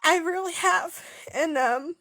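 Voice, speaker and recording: Tearful high-voiced young woman, slow. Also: pushed and bright, dry recording, studio quality. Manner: halting, many pauses and fillers. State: tearful, voice breaking. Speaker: author sharing a personal story. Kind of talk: emotional personal testimony.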